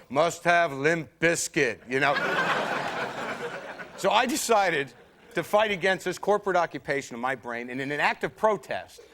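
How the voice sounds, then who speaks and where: This stand-up comedian, a man with a sharp-toned voice on the high side, performs on a TV studio stage for an audience. He mimics the voices of the people in his bits while broadcast stage audio captures the audience's laughter.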